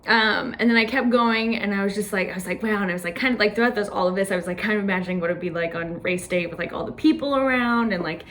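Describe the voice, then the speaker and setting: A woman's voice: medium pitch, fast talker, hardly any pauses, fairly bright tone. A young woman telling a casual personal story, chatty and full of "like" fillers, laughing often. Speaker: podcast host.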